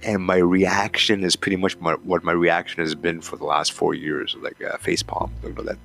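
A man's voice: low voice, flat delivery, moderate pace, vocal fry, a bit bright, faint music behind. A man hosting a hockey talk show, ranting in a profane, heated, rambling way. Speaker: hockey podcast host. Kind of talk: casual rant, reading a column aloud.

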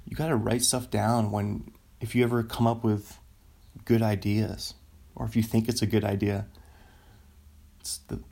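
A man's voice: on the low side, level tone, moderate pace, gravelly, pauses often, mellow. A man rambling in a casual solo chat, often trailing off and laughing at his own ideas. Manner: meandering, self-interrupting, laughs often.

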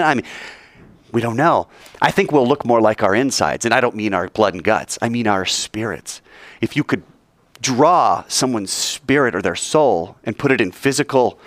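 A man leads a Bible teaching with an expressive voice that rises and falls freely. He is playful and animated, acting out scenes with sound effects. The sound is close and dry. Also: fairly low pitch, no room sound. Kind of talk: teaching with audience questions.

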